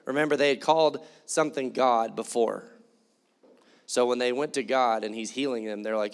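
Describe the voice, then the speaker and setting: A man's voice: medium pitch, fairly quick, smooth. A man preaching in church, conversational and joking, acting out quoted voices. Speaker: pastor. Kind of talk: sermon.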